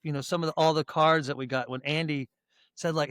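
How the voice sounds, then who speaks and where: A man's voice: on the high side, fairly even intonation, fast talker, a bit bright, clear, resonant tone, no echo, studio quality. A man hosting a horror podcast, chatting casually and joking around in a rambling way. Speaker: podcast host.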